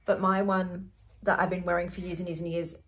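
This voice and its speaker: A woman's voice: on the low side, level tone, fairly quick, a bit bright. A woman in her forties with an Australian accent, chatting to camera in an effusive, giggly way. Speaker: vlogger. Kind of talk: casual chat to camera.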